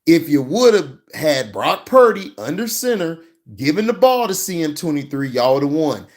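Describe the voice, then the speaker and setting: A man's voice: on the high side, big pitch swings, normal speed. A man ranting and reacting to football footage in a heated, profane, mocking way. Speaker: sports commentary vlogger.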